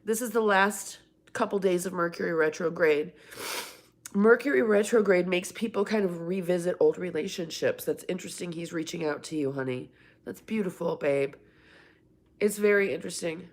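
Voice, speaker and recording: A woman's voice: fairly low pitch, normal speed. A middle-aged woman hosting a casual livestream from home, chatting and rambling as she answers viewers by name. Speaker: livestream host. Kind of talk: casual live-stream chat, reading viewer comments.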